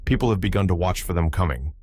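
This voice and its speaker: A man voicing a cocky young soldier who speaks calmly and contemptuously of his old schoolmaster, in an audiobook. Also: sits low, fast, husky, dry recording, clean studio sound. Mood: smug. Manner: calm, contemptuous.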